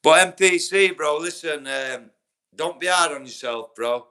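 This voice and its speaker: Brief: young Yorkshire man, livestream host, blunt and profane, bright forceful tone. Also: a little high, unhurried, smooth. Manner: blunt, sweary, talks straight to chat viewers by name. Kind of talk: casual livestream chat.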